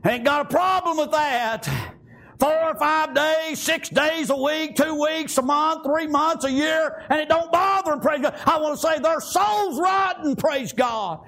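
A male preacher giving a fervent sermon, peppering it with "amen" and "praise God" and rising into shouts. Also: very high voice, a little slow, hardly any pauses. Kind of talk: fiery sermon.

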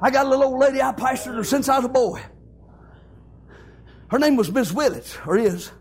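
A man's voice: very high voice, fairly quick, slightly rough. A middle-aged man, preaching a sermon and telling stories, punctuating his talk with "amen" and "thank God". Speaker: pastor. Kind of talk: sermon with storytelling.

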